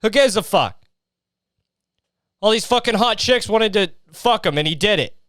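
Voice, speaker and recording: High-voiced man on a profane comic rant. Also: expressive, moderate pace, fairly bright tone, no echo, studio quality. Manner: profane, exasperated ranting with many fillers; mocking, sarcastic asides. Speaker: podcast host. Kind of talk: solo comedy podcast rant.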